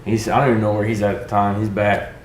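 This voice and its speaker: A man's voice: fairly low pitch, flat delivery, fast. A man from Texas, a veteran guest, telling a war story in a joking, casual way and acting out what people said. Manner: joking, acts out quotes. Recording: echoey room, faint noise.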